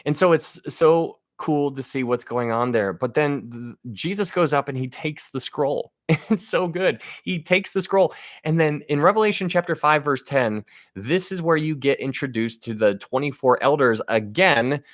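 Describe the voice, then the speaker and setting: A man's voice: on the high side, normal speed, no echo, studio quality. A man giving a casual Bible teaching on a livestream, speaking to viewers with enthusiasm and frequent restarts.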